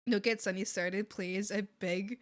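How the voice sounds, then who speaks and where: A woman's voice: medium pitch, steady tone, measured pace. A Canadian woman livestreaming while she draws, chatting casually with viewers and filling her talk with "like". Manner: chatty, giggly, heavy use of filler "like". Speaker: art streamer.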